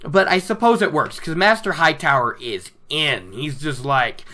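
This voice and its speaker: A podcast host recapping a book chapter in casual chat, animated and laughing often. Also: medium pitch, normal speed, few pauses.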